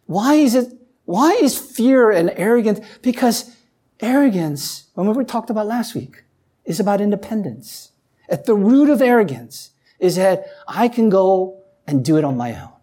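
A woman's voice: sing-song, moderate pace. Woman preaching with swinging emphasis. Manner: rises to emphatic peaks, then drops low and quiet; reads scripture aloud, asks the congregation questions. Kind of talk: sermon.

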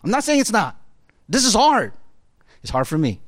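Animated high-voiced preacher man. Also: normal speed, dry recording. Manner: animated, conversational preaching with constant "right?" tag questions. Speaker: pastor. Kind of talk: sermon.

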